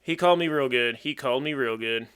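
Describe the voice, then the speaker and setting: A man's voice: mid-range voice, fast talker, fairly bright tone, smooth. A young man chatting casually as he plays and commentates a competitive Pokemon battle, thinking aloud and joking at himself. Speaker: gaming YouTuber.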